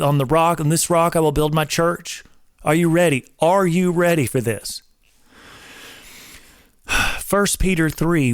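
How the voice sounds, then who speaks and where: A man's voice: on the high side, no echo, studio quality. Emphatic forty-something man, coach-like preaching. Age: 40s. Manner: emphatic, coach-like, drill-instructor energy. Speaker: host. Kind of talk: casual preaching talk.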